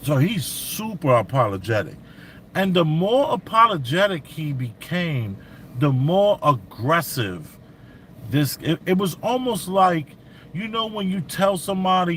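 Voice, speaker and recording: Man, casual storyteller, bright forceful tone, slightly high voice, faint vehicle noise. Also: unhurried. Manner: animated, acts out quotes, slang. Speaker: commentator.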